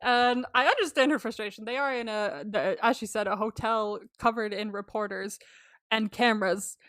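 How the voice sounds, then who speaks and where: A woman's voice: mid-range voice, normal speed, fairly bright tone, no room sound, studio quality. A woman co-hosting a podcast, recapping a story in casual chat, swearing freely, laughing often and acting out the lines she quotes. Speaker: podcast co-host.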